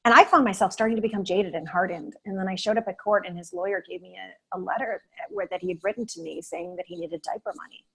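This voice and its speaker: Husky woman telling a story. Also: medium pitch, fast talker, hardly any pauses, poor audio. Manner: animated, many fillers and restarts. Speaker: guest. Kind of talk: casual interview storytelling.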